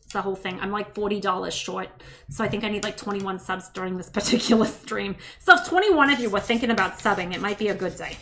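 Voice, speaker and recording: A woman's voice: mid-range voice, fast talker, a bit bright, far from the mic, a little hiss or hum. A woman livestreaming while she cooks at home, chatting casually with viewers, thanking them by name and making self-deprecating asides. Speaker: livestreamer and mother. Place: home kitchen. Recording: echoey room, voice a bit off-mic.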